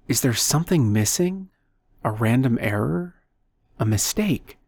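A man's voice: medium pitch, lively intonation, a little slow, vocal fry, darkish tone, no echo, studio quality. A man reading the lines of a young woman physicist, urgent and breathless, in an audiobook.

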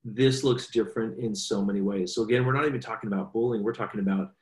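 A man in his forties telling stories earnestly in a conversational interview, animated as he quotes his children. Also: fairly low pitch, quick pace. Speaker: guest speaker. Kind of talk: conversational storytelling. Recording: echoey room.

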